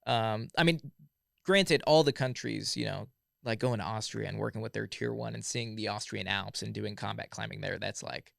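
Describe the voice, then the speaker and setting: A man in his thirties from Southern California, telling stories as a podcast guest in a relaxed, rambling way full of "like" and "yeah, yeah, yeah.". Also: fairly low pitch, normal speed, vocal fry, no room sound, studio quality. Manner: laid-back, full of "like" and "yeah, yeah, yeah". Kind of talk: casual storytelling chat.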